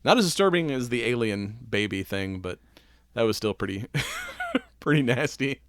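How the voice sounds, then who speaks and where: A man's voice: medium pitch, big pitch swings, normal speed, no echo. Man, podcast host; rambling, giggly, profane retelling; dry, close sound. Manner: rambling, laughs often, swears freely. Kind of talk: casual chat.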